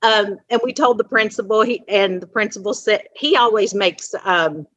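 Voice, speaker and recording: A woman on the staff of a school, telling a story in a casual, lively way and acting out the people she quotes. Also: mid-range voice, moderate pace, dry recording, highs cut off. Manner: animated anecdote with quoted dialogue.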